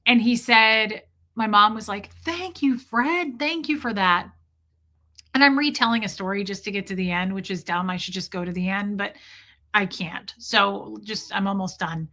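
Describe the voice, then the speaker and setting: A young woman hosts a livestream and tells a long personal story in an easy, chatty way. She keeps stopping to answer her viewers' comments before picking the story back up. Her voice is bright and sharp. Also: medium pitch, steady tone, normal speed. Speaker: livestream host. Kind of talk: casual storytelling to a live chat.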